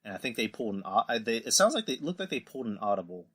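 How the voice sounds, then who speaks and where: A man's voice: fairly low pitch, big pitch swings, rapid-fire, fairly bright tone, slightly rough. A man hosting a casual podcast, rambling through recaps and acting out quotes in put-on voices. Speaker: podcast host. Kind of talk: casual wrestling podcast chat.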